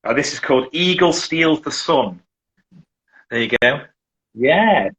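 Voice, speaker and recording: A man's voice: on the high side, expressive, measured pace, a bit bright, low-quality recording. A middle-aged man from England, a survival instructor chatting casually as an interview guest, who rambles and restarts his sentences often.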